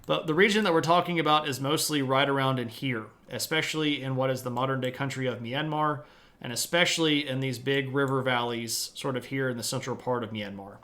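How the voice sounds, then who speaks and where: A man's voice: medium pitch, a little fast, pushed and bright. A man hosting a live-streamed history lecture from home, talking in a casual, chatty way with self-deprecating asides.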